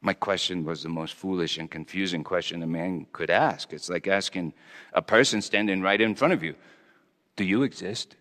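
A man's voice: low voice, moderate pace, fairly bright tone, in a large hall. A man playing Pontius Pilate as a conflicted Roman governor, speaking a stammering, confessional monologue in character. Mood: brooding. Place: church hall.

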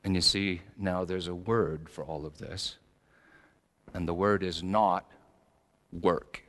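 A middle-aged male pastor preaching a sermon, swinging between loud emphatic lines and soft, low asides. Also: fairly even intonation, slow pace.

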